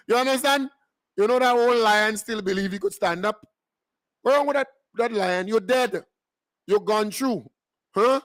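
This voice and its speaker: Grenadian guy mocking and taunting on a talk show, high pitched, dry sound. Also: a little slow, pauses often, dry recording. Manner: taunting, mocking, emphatic repetition. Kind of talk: political commentary rant.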